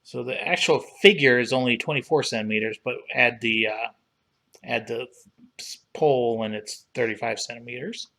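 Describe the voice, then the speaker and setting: A man hosting a casual livestream, talking in an unhurried, relaxed way as he browses and reads things aloud. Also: mid-range voice. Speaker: livestream host reviewing collectible figures.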